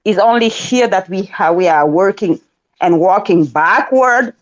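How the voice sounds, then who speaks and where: A woman in her forties with a Senegalese accent, speaking as a guest activist in a casual roundtable, halting and repeating words, often laughing. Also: medium pitch, expressive, muffled recording. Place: online audio room.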